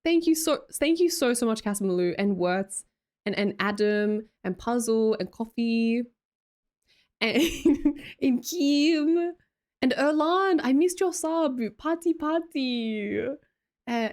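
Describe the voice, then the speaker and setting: A woman's voice: a little high, takes it slowly, darkish tone. A young Australian woman chatting casually on a live stream, reading out chat, teasing viewers, laughing often and swearing casually. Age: young adult.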